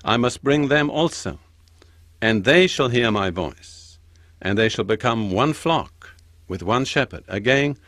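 An older man giving a Bible teaching, slowing down to stress each quoted verse. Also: medium pitch, animated, a bit bright, no room sound, studio quality. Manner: slows down and stresses quoted scripture. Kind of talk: sermon-style Bible teaching.

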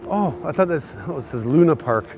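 A Canadian man narrating a casual walking tour of city streets, chatty and excitable. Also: a little high, brisk, soft background music. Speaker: vlogger. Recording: faint outdoor street noise. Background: faint traffic and street noise.

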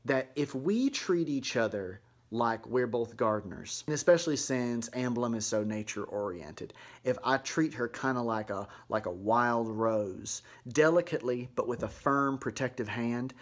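A man playing a sugary, middle-aged mom vlogger, chatting to camera in a folksy, chirpy way with offhand dark asides. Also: mid-range voice, lively intonation, measured pace, hardly any pauses. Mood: chatty. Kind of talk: comedic vlog monologue to camera.

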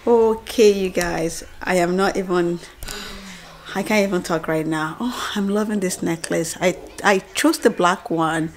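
A woman's voice: lowish voice, unhurried. A woman, a mother chatting casually to her vlog viewers about family life. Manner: chatty, talks to viewers directly.

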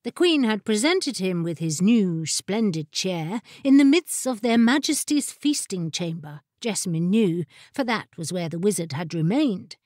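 This is scripted fantasy audiobook narration by a woman who tells the story in a measured, expressive way. Her voice is medium-pitched, and the studio sound is clean with no echo.

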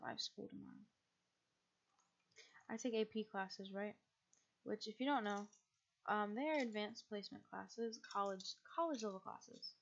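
A sleepy teenage girl talks through a late-night game stream, rambling and putting herself down. Her voice sits at a medium pitch. The mic sounds a little dull and muffled. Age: teens. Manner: rambling, self-deprecating, tired. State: sleepy, yawning. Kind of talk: casual gaming stream chat.

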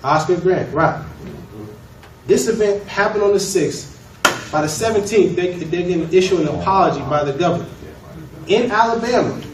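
A man lectures a law class with emphasis, firing questions at the room. His fairly high voice is caught from a distance in an echoey classroom, with clear background noise under it. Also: moderate pace, pauses often. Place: college classroom. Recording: echoey room from far off, noisy.

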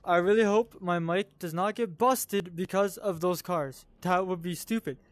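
A man giving casual VR gameplay commentary, excitable, swinging between yelling at enemies and muttering to himself. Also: high-pitched, moderate pace. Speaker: gaming channel host.

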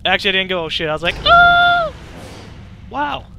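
A young man rambling through casual gameplay commentary, excitable and profane. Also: sits high, very fast, very noisy. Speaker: let's play gamer.

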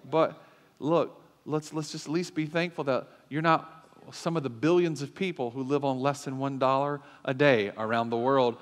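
Male pastor preaching, kinda high voice, emphatic, lots of call and response, big echoey church hall. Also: moderate pace, fairly bright tone. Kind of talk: sermon. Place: church sanctuary. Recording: long hall reverb.

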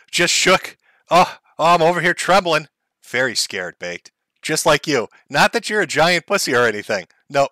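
A man's voice: fairly high pitch, sharp tone, no room sound. A man hosting a live stream, giving sarcastic, mocking commentary and laughing often. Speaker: streamer host.

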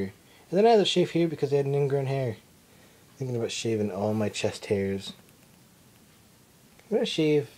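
Indoors at his mom's house, a young man uses his own camera mic to record a casual vlog full of rambling, swearing, and self-mockery. His voice is fairly low in pitch with a dark tone.

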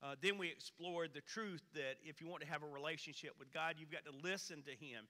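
Guy preaching in church, folksy storyteller, bit high voice, big echoey hall. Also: brisk. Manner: folksy storyteller, animated swings in pitch and volume. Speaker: pastor. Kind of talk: sermon with a humorous story. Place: church sanctuary.

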